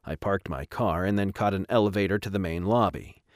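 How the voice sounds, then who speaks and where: Low-voiced male audiobook narrator. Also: no room sound, clean studio sound. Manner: even, measured reading. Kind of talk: first-person audiobook narration.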